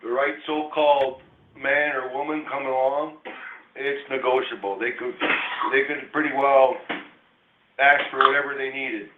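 A man's voice: mid-range voice, fairly even intonation, moderate pace. Middle-aged man rambling over a tinny line. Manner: rambling storyteller, swears freely. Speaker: small business owner. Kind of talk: casual chat. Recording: tinny phone-like line, faint hiss.

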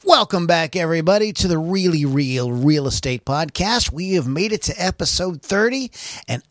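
A man's voice: fairly high pitch, expressive, normal speed, dry recording, studio quality. A man hosting a podcast in a jokey, casual way, often stumbling and restarting his questions. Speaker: podcast host.

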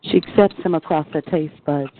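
A woman calling in to perform spoken-word poetry, slow and sultry, and losing her voice. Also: low-pitched. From Illinois. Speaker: poet and caller. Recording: tinny phone line with faint noise.

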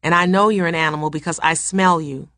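A young woman in a fury, spitting insults in a voice pushed up above its low, dry base. A woman reads her lines aloud from a novel. The sound is close and dry, with no room around it. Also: fairly even intonation, fairly quick, no echo, close to an everyday voice. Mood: furious. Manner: heated, shouting insults. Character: young woman, furious and indignant.

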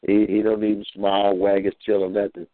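A man's voice: fairly low pitch, completely flat delivery, a little fast, no echo. A man who ministers, telling folksy stories and preaching in a rambling way, repeating phrases and acting out voices. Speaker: minister calling in. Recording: tinny dry phone line.

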